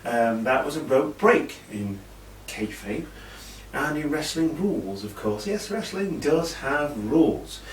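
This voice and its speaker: This British reviewer rambles through a recap of an old wrestling show, dropping asides and fillers along the way. His mid-range voice has lively intonation at a slow pace; the room echoes, the mic is distant and there's faint hiss.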